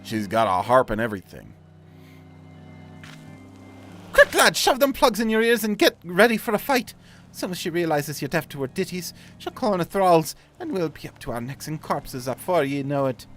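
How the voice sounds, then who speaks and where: A man voicing a superstitious old male sailor in a put-on, half-Cockney, half-Scottish accent, talking in rough, folksy dialect. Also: fairly high pitch, sing-song, brisk, a bit bright, voice pushed up. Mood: alarmed. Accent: mock Cockney-Scottish put-on. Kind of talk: reading game dialogue aloud. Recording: faint game music behind.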